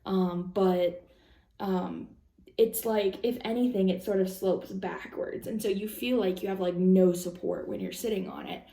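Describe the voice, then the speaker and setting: A young woman rambles through a personal story for her vlog, full of fillers and restarts. Her voice has a gravelly fry and a mellow, darker tone. The room around her sounds echoey. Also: medium pitch, unhurried. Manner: rambling, lots of "like" and "um", anxious retelling. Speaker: vlogger.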